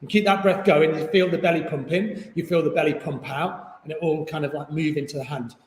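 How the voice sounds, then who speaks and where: A man's voice: on the high side, steady tone, a little fast, slight background noise. A man teaching a yoga class online, chatty and encouraging, with jokes about himself. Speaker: yoga instructor. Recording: echoey room with long reverb.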